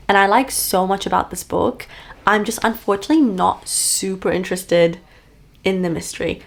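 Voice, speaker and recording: A young woman in her twenties chatting casually about a book she is reading, upbeat and full of fillers, recorded on a camera-mounted mic at home. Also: mid-range voice. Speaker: book vlogger. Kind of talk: casual reading vlog chat. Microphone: camera-mounted shotgun mic.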